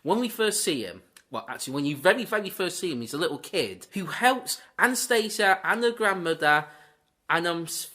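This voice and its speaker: Animated chatty man. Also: sits high, brisk. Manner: lively, chatty, slips into goofy quoted voices. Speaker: podcast co-host. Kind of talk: casual movie debate chat.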